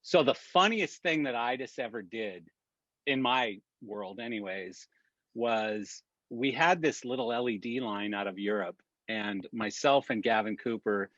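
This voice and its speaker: This man, a regular on a weekly industry chat, swaps stories over a video call with plenty of laughter and profanity. He speaks at a measured pace in a mid-range, slightly bright voice. The sound is dull and dry, with no room around it.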